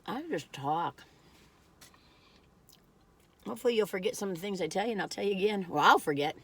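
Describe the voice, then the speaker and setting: A woman's voice: mid-range voice, expressive, a little fast, slightly rough. A middle-aged woman chatting casually in a meandering, folksy way while reviewing food. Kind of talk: casual rambling chat.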